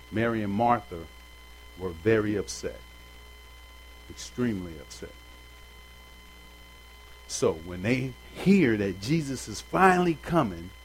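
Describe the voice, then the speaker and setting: A man's voice: fairly high pitch, husky, poor audio. A man leading an informal Bible study for a group, talking in a loose, conversational way with slang and asking his listeners questions directly. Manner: chats directly with the audience.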